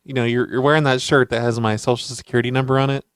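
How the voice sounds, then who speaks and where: Dry deadpan guy doing prank calls, voice right up on the mic. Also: mid-range voice, racing, clear, resonant tone, no room sound. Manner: deadpan, mock-serious. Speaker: prank caller and show host. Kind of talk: prank phone call.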